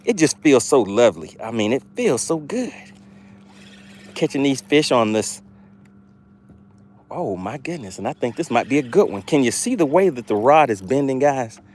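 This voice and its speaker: Animated man hosting a fishing stream. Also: medium pitch, moderate pace, pauses often, a little hiss or hum. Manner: excited, talks directly to chat viewers. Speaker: fishing livestream host. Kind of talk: live fishing stream commentary.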